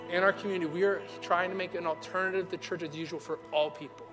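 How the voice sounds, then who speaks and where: Young male pastor with a high voice, chatty delivery, recorded in a reverberant hall. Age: young adult. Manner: casual, conversational, acts out quoted people. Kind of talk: sermon. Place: church hall. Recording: hall reverb with faint music.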